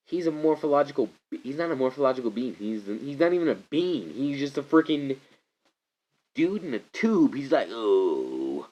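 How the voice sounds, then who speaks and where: A man rants casually into his camera about a movie, wandering off topic and bursting into loud mock voices. His pitch swings widely from low mutters to sudden highs. The sound is dull and lo-fi, as from a camera's built-in mic. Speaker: vlogger reviewing a movie. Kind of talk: rambling casual rant to camera.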